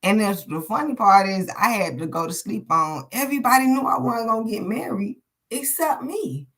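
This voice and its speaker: A woman's voice: a little high, lively intonation, normal speed, fairly bright tone. A woman giving a casual live tarot reading, talking frankly and rambling, cursing freely, with short laughs between thoughts. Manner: profane, candid and rambling, thinking aloud. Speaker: tarot card reader.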